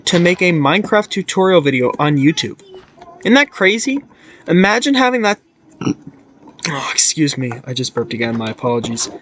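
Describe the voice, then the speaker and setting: The young man's medium-pitched voice has a fairly bright tone, and a bit of hiss or hum can be heard. As host of a gaming channel, he gives goofy, meandering let's-play commentary, often cutting off his own thoughts.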